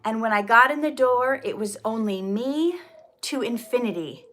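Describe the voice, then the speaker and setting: A middle-aged woman hosting an inspirational talk, reading her poem and turning to viewers with earnest, animated asides. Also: on the high side, normal speed. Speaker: inspirational video host.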